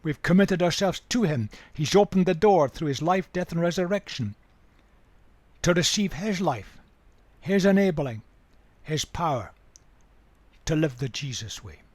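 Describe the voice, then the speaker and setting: Older male Bible teacher, measured and emphatic, slightly high voice, dry close sound. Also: lively intonation, a little mellow, dry recording. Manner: measured, emphatic, repeats key words. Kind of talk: Bible study lecture.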